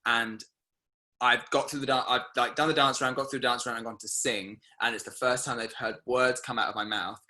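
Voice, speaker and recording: Bright-voiced British man, animated. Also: mid-range voice, brisk. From Britain. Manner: animated, laughs easily, many fillers. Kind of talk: casual panel discussion.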